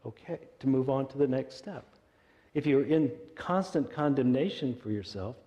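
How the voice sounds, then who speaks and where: A man's voice: mid-range voice, dark tone, big-room sound, dull audio. A male minister giving a conversational sermon, often asking the congregation rhetorical questions. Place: church sanctuary.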